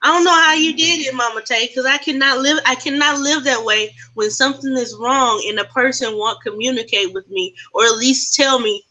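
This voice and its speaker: A woman co-hosting a casual round-table chat, talking in an animated, blunt, emphatic way. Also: high-pitched, normal speed, rough recording. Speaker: co-host.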